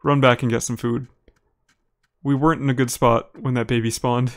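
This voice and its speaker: A man's voice: medium pitch, normal speed. Chatty Upper Midwest American man streaming. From Minnesota, United States. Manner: relaxed and chatty, laughs easily, talks to viewers by name. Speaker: live streamer. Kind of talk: live gameplay commentary, reading chat aloud.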